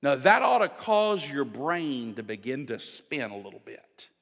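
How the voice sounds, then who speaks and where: A man's voice: medium pitch, very animated, unhurried, fairly bright tone. A man preaching a sermon with emphasis, often turning to the congregation with direct questions. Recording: long reverb of a large hall.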